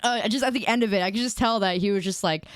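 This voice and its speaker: A woman's voice: medium pitch, fast talker, clear, resonant tone, no room sound, studio quality. A young woman streamer chatting casually with her viewers, telling a story in a giggly, self-deprecating way.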